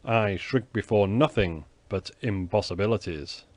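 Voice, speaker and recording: A man reading an audiobook, voicing a young swordsman who speaks in a gallant, theatrical and flattering way. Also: lowish voice, unhurried, no room sound, close to an everyday voice. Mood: ardent. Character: young male swordsman, ardent, flattering, sly.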